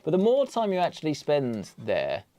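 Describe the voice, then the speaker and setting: A man's voice: a little high, wildly swooping pitch, moderate pace, dark tone. A young British man with an English accent hosting a PC build livestream, chatting casually and joking at his own expense as he works. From England. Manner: joking, self-deprecating, chatty asides.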